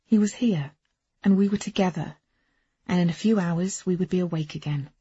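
A woman's voice: fairly low pitch, moderate pace, warm tone, breathy edge, no room sound. A woman narrating a first-person novel in an intimate, wry storytelling manner. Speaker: audiobook narrator. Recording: dull, dry lo-fi recording.

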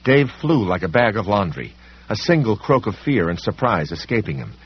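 A man's voice: on the low side, very animated, normal speed, slightly rough. A man narrating a story aloud with dramatic, varied delivery. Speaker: audiobook narrator. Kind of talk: scripted narration. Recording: dull lo-fi recording.

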